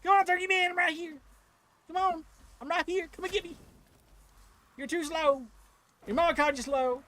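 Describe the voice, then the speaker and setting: A man putting on a strained, high, goofy voice to taunt a game boss with sing-song jeers. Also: fairly even intonation, normal speed, pushed and bright. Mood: mocking.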